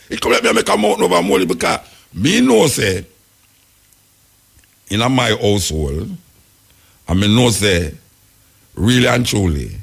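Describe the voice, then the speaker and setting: A man with a Jamaican accent hosts a radio talk show, rambling about the news in heavy patois as casual on-air commentary with animated storytelling. His medium-pitched voice is husky and creaky, at normal speed with long pauses.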